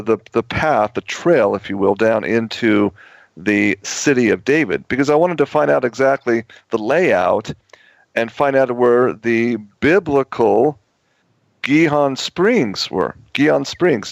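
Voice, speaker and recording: A man's voice: mid-range voice, vocal fry, dry recording. A man on a radio talk show telling a long story, rambling with many restarts and repeated words. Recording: dull lo-fi radio audio.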